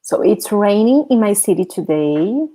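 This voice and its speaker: A woman's voice: mid-range voice, animated, unhurried, warm tone. A Brazilian woman with an accent teaching a live online language class, patiently explaining and often checking in with "okay?". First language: Portuguese. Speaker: Portuguese teacher.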